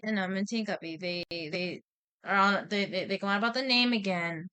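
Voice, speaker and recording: Rambling, giggly woman streamer, clear voice. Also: mid-range voice, fairly quick, sharp tone. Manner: rambling, repeats "and then", swears, laughs often. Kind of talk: casual storytelling chat.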